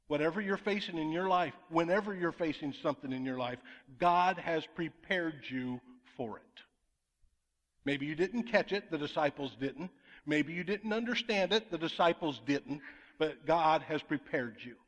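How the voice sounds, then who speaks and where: A man preaching a sermon as pastor, emphatic, with rhetorical questions to the congregation. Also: a little high. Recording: long reverb of a large hall.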